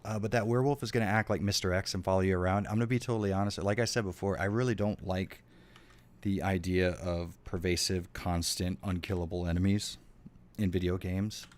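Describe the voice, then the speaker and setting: A deep-voiced man chats casually with his stream viewers while he plays a game. He rambles and swears freely as he answers messages from chat. Keys clatter on a keyboard behind him. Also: steady tone, a little fast. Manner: chatty, swears a lot, reacts to chat.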